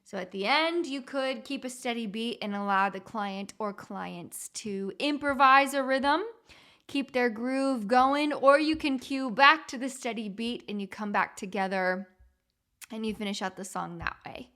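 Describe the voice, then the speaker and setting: Measured in pace, her slightly high voice comes across pushed and bright. As a music therapist hosting a teaching podcast, she walks through steps in plain terms with a few fillers, breaking into simple sung call-and-response demos.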